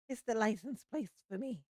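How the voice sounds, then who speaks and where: A woman's voice: a little high, a little mellow, no room sound, clean studio sound. A woman hosting a casual livestream commentary, chatty and swearing freely, often breaking into laughter.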